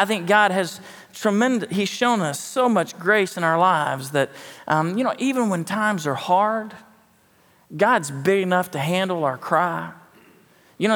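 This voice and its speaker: A man's voice: fairly high pitch, a bit bright, big-room sound. A man preaching a sermon in a folksy, conversational way with joking asides. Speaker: pastor. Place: church sanctuary.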